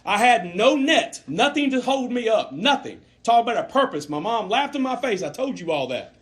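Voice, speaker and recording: A man giving a fervent, emphatic motivational sales training talk to a room of salespeople, swinging between loud and soft. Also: extremely high pitch, very animated, moderate pace. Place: room with a live audience.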